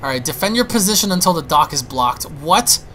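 Excitable young man panicking through gameplay. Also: on the high side, brisk, slight background noise. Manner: excitable, panicky, stammering restarts. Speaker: gaming YouTuber. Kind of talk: live gameplay commentary.

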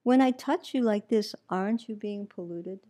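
A shy, humble herd boy, voiced by a woman reading aloud who speaks politely and haltingly. The voice stays mellow and warm. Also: medium pitch, close to an everyday voice. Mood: earnest. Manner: polite, hesitant.

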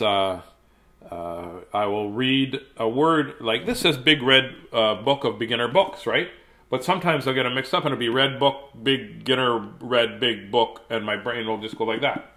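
A man's voice: mid-range voice, pushed and bright. A middle-aged man, chatting casually and greeting viewers by name at home before reading a children's book aloud. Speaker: children's book reader on a livestream.

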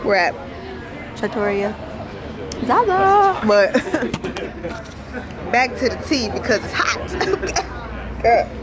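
A woman's voice: medium pitch, lively intonation, very slow, pauses often, a crowd in the background, poor audio. A young woman, chatting casually to the camera in a vlog and laughing often. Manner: chatty, laughs often, talks straight to viewers. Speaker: vlogger. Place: at home, then a restaurant.

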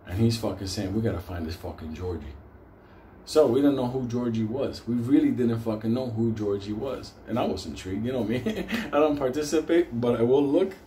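A man's voice: medium pitch, fairly quick. A man telling a casual story, swearing constantly and laughing as he goes. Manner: animated, swears constantly, laughs through the tale. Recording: roomy echo with faint noise.

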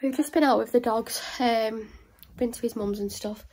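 A woman's voice: on the high side, steady tone, moderate pace, a little mellow, rough recording. A young woman chatting casually to camera at home in a rambling, filler-heavy way. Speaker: vlogger. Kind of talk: casual home vlog chat. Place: home, indoors.

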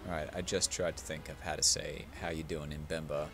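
A man's voice: very deep voice, little pitch movement, fairly quick. A man playing a video game and commenting, tipsy from drinking, rambling and swearing with mock-dramatic pleading. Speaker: let's play gamer. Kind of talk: casual let's play commentary. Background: video game music.

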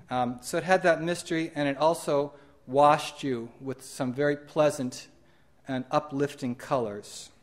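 A middle-aged man at medium pitch walks an audience through slides of his artwork. He speaks in an unhurried, halting way, often pausing on "um" and restarting his sentences. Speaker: holographic artist presenting his exhibition. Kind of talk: conference slide presentation.

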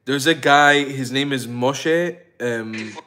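A man hosting a casual livestream, telling stories in an excitable, profane way and laughing often. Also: medium pitch, slow pace. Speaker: livestream host.

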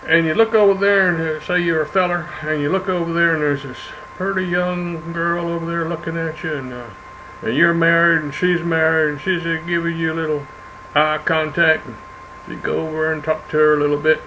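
Bright-voiced old man. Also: a little high, little pitch movement, brisk, slight background noise, low-quality recording. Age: 70s. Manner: rambling, drawling storyteller with many "uh"s. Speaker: commentary show host. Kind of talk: folksy monologue commentary.

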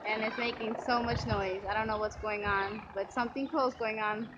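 A woman with a fairly high, steady voice narrates a casual family vlog at a normal speed, chatting with her kids and often laughing. It was filmed at a park and on the walk home, and the noisy outdoor camera audio is muffled, with outdoor ambience.

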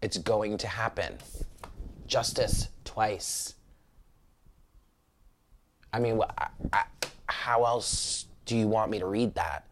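Blunt, cursing American tarot reader, low voice. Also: male voice, slow pace, pauses often, a little hiss or hum. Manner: blunt and cursing, laughing and exclaiming often. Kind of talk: casual tarot reading.

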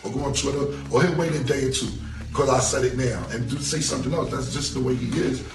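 A man's voice: medium pitch, fast, creaky, over music. A man in a played interview clip, talking casually and animatedly, repeating himself and swearing freely. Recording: roomy echo, distant from the mic.

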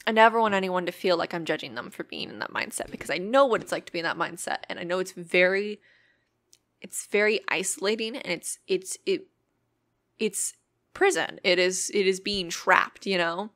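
A woman's voice: on the low side, moderate pace, fairly bright tone. Earnest young woman musing on a podcast. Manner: earnest, reflective, many fillers. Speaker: podcast host. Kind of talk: casual solo podcast talk.

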